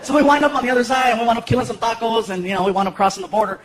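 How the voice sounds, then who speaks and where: A man from Los Angeles doing a stand-up comedy routine, telling animated, self-mocking stories on a theater stage. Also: very high-pitched, very fast, noisy background. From Los Angeles, USA. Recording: echoey theater with roaring crowd.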